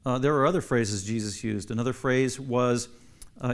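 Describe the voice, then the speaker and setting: A man's voice: mid-range voice, a little fast. A man, a pastor, teaching a Bible class, emphatic and repeating key phrases for stress while asking the class questions.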